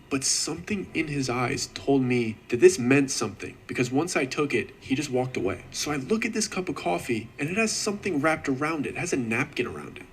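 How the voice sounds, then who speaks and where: A man's voice: mid-range voice, husky. Young man telling a tense story. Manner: earnest, steady recounting with casual slang. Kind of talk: first-person story narration.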